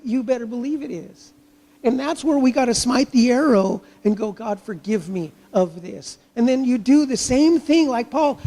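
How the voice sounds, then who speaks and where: High-voiced man preaching in a reverberant church. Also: animated, moderate pace, dark tone. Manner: preaches with rhetorical questions and acted-out inner voices. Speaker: pastor. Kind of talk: sermon. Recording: long hall reverb.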